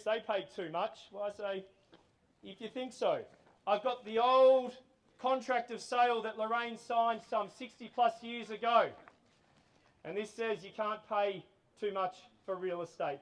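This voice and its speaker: A middle-aged Australian man calling a live house auction outdoors, mixing chatty stories with firm bid calls. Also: high voice.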